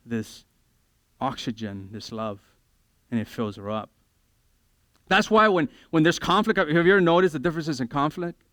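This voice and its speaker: A man preaching a sermon in church, lively and joking, acting out everyday conversations in quick voices. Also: mid-range voice, dry recording. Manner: animated, acts out conversations in quick voices, self-deprecating humor. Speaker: pastor.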